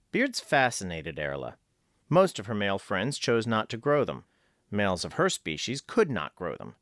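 An expressive storyteller, this man reads an audiobook in a lowish voice, captured as a dry, studio-quality recording.

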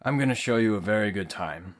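A man voicing a smooth, flirtatious male antiques dealer in an audiobook, easygoing and teasing. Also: lowish voice, lively intonation, brisk, lightly acted. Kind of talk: audiobook character acting.

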